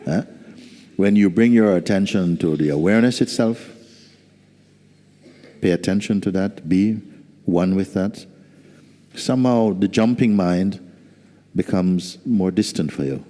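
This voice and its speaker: A man as spiritual teacher giving a slow, soft-spoken satsang talk with gentle humor. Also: sits low. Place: large hall. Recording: reverberant hall.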